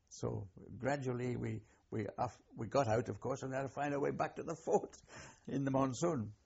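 A veteran of the war, now an older man with a Welsh accent, rambles through his memories in an oral history interview, halting and restarting many times. His medium-pitched voice is gravelly and a little mellow with a breathy edge, heard through a muffled recording.

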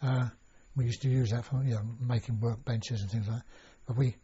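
A man's voice: mid-range voice, steady tone, a little fast, dark tone, breathy edge. An older man recalling his past in an oral history interview, rambling with many restarts and fillers. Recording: dull lo-fi recording.

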